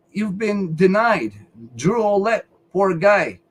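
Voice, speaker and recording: Man, higher-pitched voice, angry live-stream rant, swearing, repeating himself. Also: lively intonation, measured pace, low-quality recording. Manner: heated, profane, repeats himself. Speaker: featured speaker on a live call-in show.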